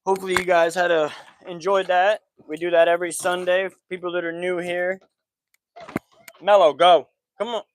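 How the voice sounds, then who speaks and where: A man's voice: high voice, flat delivery, normal speed, no room sound. A man in his thirties, a football podcast host, chatting casually outdoors at home in loose slang and scolding his kids and dog now and then. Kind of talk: casual vlog chat. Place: outdoors at home by the backyard and porch.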